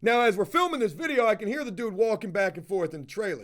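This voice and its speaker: A man with a high voice talks on a casual live stream. He is profane and animated, and he tells a story while shouting out viewers in the chat. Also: fast.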